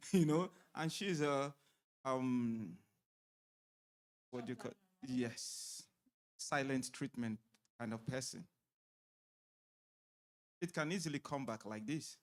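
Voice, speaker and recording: A man's voice: mid-range voice, slow pace, long pauses. A man gives a church marriage seminar talk in an ordinary mid-range voice. He is conversational and easygoing. He explains each point with everyday examples.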